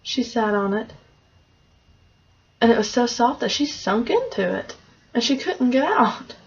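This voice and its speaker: Husky woman retelling a fairy tale. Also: on the high side, animated, unhurried. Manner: loose, conversational retelling with fillers. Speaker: storyteller. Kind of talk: casual story retelling. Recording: dull lo-fi recording.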